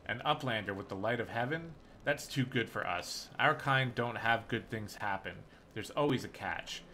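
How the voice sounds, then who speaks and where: Man voicing an aged mongrel chief, gruff, distrustful, clipped sentences, bright edge, game dialogue. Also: mid-range voice, moderate pace, slight background noise, lightly acted.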